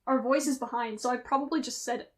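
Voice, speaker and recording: An American woman streaming, chatting casually in an animated, incredulous way. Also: sits high, fast, a little hiss or hum. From United States. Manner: animated, incredulous, laughs a lot. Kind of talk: casual livestream chat.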